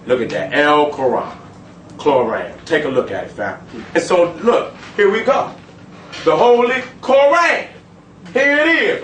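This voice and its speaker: A man lecturing an audience in a profane, emphatic street style, swinging between loud and low. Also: echoey room, far from the mic, a little hiss or hum, low-quality recording. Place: room with a live audience.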